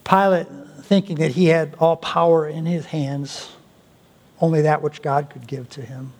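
A male pastor preaching a sermon, with deliberate pauses and an emphatic delivery. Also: on the high side, fairly even intonation, a little mellow. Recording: long hall reverb.

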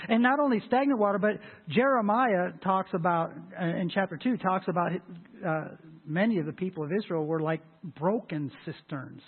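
A man preaching a sermon as pastor, with a husky voice and an emphatic delivery that swells loud and high on scripture. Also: normal speed. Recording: tinny lo-fi phone-like sound.

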